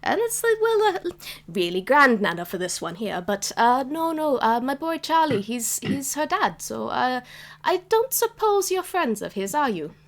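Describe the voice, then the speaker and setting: A very old grandmother tabby cat, prim and gently stern, as a woman puts her on for a tabletop game. The voice sits high and lifts brightly. It carries a proper, slightly fussy politeness. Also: very animated, moderate pace.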